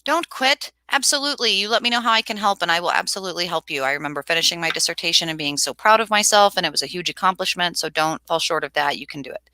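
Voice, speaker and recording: A woman's voice: fairly low pitch, racing, hardly any pauses, no room sound. A woman hosting a casual tarot livestream, chatting animatedly, laughing and reading viewers' comments aloud. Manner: animated, reads chat aloud, laughs often.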